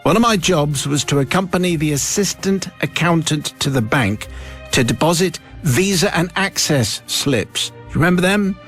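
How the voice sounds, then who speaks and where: A man's voice: fairly high pitch, expressive, normal speed, fairly bright tone, faint music behind. A middle-aged English man presenting a radio show, joking with co-hosts and reading listener letters aloud. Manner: jokey, reads listener letters. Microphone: studio microphone.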